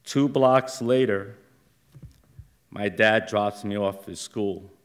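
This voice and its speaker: Middle-aged guy doing live storytelling, real slow, halting, flares up now and then. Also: on the low side. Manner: slow, halting delivery with heated outbursts. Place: theater stage.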